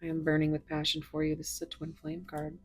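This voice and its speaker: A woman's voice: low voice, completely flat delivery, fast talker. A woman reading tarot cards to her viewers, gushing and emotional, often dropping into whispers, and teary. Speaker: tarot reader.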